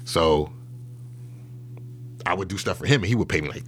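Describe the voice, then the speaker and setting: A man's voice: a bass voice, normal speed, creaky, long pauses, pushed and bright, slight background noise. A man being interviewed, telling a story in a loose, casual way with lots of fillers and swearing. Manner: loose and profane, with many fillers and restarts. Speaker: interview guest.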